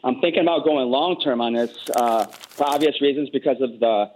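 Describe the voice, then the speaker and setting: A man's voice: medium pitch, moderate pace, darkish tone, slight background noise. A man calling into a show, eager and upbeat but a little hesitant with fillers. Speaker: caller. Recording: dull lo-fi call audio.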